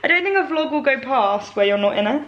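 A woman's voice: on the high side, fast talker, lo-fi sound. A young woman with a British accent chatting casually to camera, narrating her day and her cooking with self-mocking asides. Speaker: vlogger. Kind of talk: casual vlog chat. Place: home kitchen.

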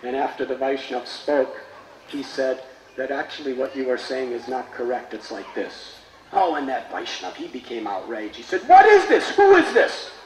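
A man's voice: medium pitch, moderate pace. Man telling a sacred story. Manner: reverent, expressive, lively storytelling. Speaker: spiritual teacher. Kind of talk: sermon storytelling. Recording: roomy space with faint noise.

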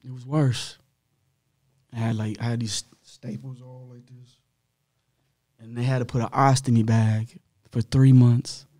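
A man's voice: mid-range voice, level tone, unhurried, pauses often, warm tone, no room sound, studio quality. A man as a podcast guest, telling his own story in a candid, blunt way, full of slang and swearing.

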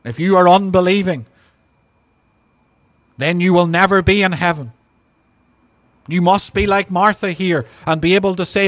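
A male pastor, preaching an earnest sermon and slowing down to stress each scripture quote. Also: high voice, steady tone. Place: outdoor drive-in church service.

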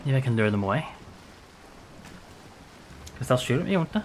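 With a little hiss or hum in the audio, a man narrates his survival game casually to himself at normal speed in a mid-range voice. He's jumpy and excitable, swearing plenty whenever trouble hits.

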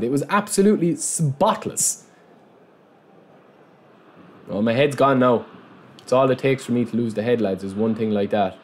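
Excitable man commentating his own match. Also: mid-range voice, normal speed, slight background noise. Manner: excitable, yelps and shouts at goals, chatty asides to viewers. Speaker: gameplay commentator. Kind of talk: casual let's-play commentary.

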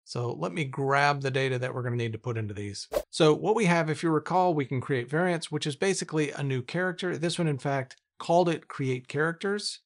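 A man recording a casual screen commentary as a tech YouTuber, enthusiastic and thinking aloud as he tests software. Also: fairly high pitch, fairly quick, few pauses, a little hiss or hum. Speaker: tech YouTuber testing AI coding tools.

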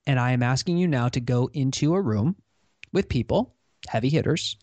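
Animated male guest telling stories. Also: medium pitch, normal speed, no echo. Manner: animated storyteller. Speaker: podcast guest, fellow podcaster. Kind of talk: storytelling in an interview.

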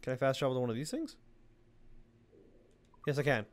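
A man's voice: mid-range voice, sing-song, fairly quick. A young man giving casual let's-play commentary, rambling and mocking himself as he goes. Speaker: gaming video host.

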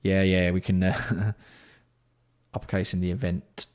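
Low-voiced man, sweary livestream banter. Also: little pitch movement, a little slow. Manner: banter-filled, sweary, reads out and answers chat; keeping his voice down. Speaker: livestream host. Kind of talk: casual livestream chat with viewers.

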